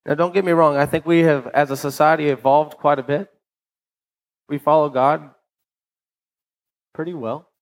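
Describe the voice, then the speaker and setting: Conversational male pastor, fairly high voice. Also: fairly even intonation, normal speed, pauses often, rough recording. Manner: conversational, keeps asking "right?"; repeats words when restarting. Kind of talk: sermon.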